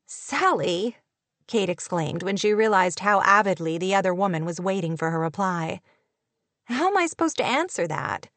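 Woman reading a novel aloud, even and measured, super dry mic. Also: mid-range voice, dry recording. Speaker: audiobook narrator. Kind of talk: scripted narration.

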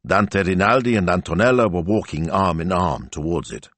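A man narrating an audiobook in a measured, expressive storytelling manner. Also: sits low, dry recording.

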